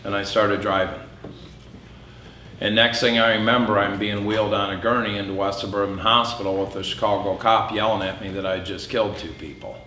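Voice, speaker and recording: A middle-aged man speaks with a bright, forceful edge, giving a candid personal testimony to a crowd. His voice sits a little low and carries flashes of dark humor. The sound is roomy, with faint hall ambience behind it. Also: steady tone, brisk, a little hiss or hum. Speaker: public speaker. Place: event hall.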